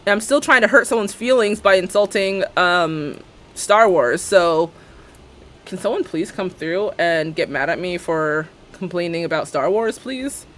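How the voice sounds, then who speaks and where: A woman's voice: fairly low pitch, a little slow, fairly bright tone, a little hiss or hum. A woman streamer chatting casually while building in a game, rambling, joking and laughing often.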